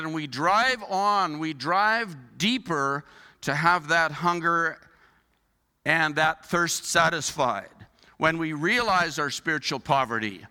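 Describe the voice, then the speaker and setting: A man's voice: on the high side, bright, forceful tone, smooth, in a large hall. A man preaching a sermon as a pastor, earnest, building his points with rhetorical questions.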